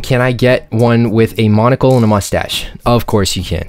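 A man's voice: mid-range voice, brisk, few pauses. A young man teasing and rambling as he doodles for his subscribers, in casual commentary. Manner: joking, rambling, mock-teasing asides. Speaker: YouTuber drawing subscribers. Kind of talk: casual commentary while drawing.

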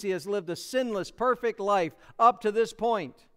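Male American pastor, high, clear voice; earnest expository sermon. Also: moderate pace, fairly bright tone. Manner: earnest expository preaching, acting out quotes.

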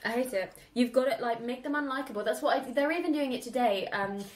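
A woman hosting a film podcast in casual chat, animated and swearing freely as she acts out scenes. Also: fairly high pitch, fast talker, echoey room. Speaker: podcast host.

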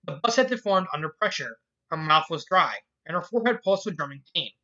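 A reader narrating a fan fiction story aloud in a measured, earnest way. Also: mid-range voice, animated, bright, forceful tone. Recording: dull lo-fi recording.

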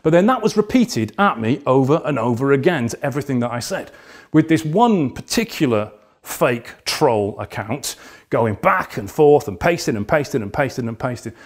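A man's voice: mid-range voice, sing-song, moderate pace. A man hosting a solo podcast, ranting in an exasperated, indignant way and swearing freely. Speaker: podcast host.

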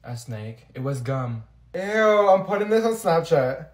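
A young man acting out comedy sketches, swinging between loud shrill outbursts and low mumbled asides. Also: very animated, unhurried. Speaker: comedy sketch creator playing many characters.

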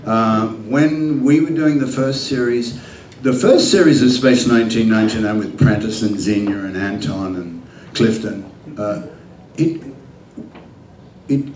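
An older man answering fan questions at a convention, telling lively anecdotes and acting out the dialogue, laughing often. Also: on the low side, unhurried. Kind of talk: convention Q&A storytelling. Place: large convention hall. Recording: echoey hall, heard from far off, faint hum.

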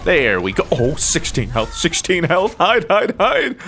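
Playful young man with lively pitch. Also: takes it slowly, gravelly, slight background noise. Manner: playful, jokey, excitable. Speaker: gaming YouTuber. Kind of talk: casual gameplay commentary.

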